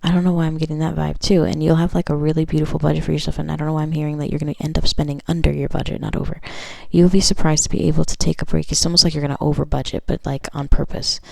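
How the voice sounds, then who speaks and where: A woman with a low voice, vocal fry, and flat delivery talks very fast with hardly any pauses, recorded dry and in low quality. She does a casual pick-a-card tarot reading, reading card text aloud and then riffing on it in a chatty, filler-heavy way.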